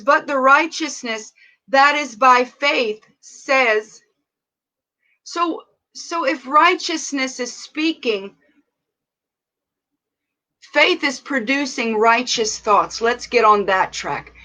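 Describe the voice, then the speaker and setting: A young woman praying fervently and preaching to a live audience online, greeting viewers warmly by name. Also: high voice, low-quality recording. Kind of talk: prayer and sermon.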